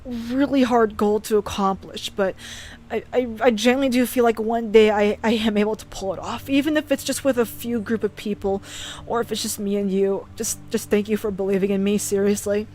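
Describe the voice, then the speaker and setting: A woman's voice: a little high, a little fast, darkish tone, a little hiss or hum. Earnest young woman, teary stammering. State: teary and emotional. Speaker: streamer and animator. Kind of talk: casual live-stream chat.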